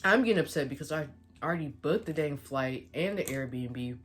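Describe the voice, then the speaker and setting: A woman's voice: low-pitched, animated, normal speed. A young woman vlogger retelling a story in a casual storytime, quoting the back-and-forth of a conversation.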